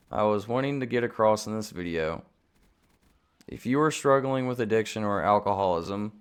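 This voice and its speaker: A man hosting his channel in a candid, confessional talk, earnest and self-deprecating, unhurried and reflective. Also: medium pitch, clear, resonant tone. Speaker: channel host.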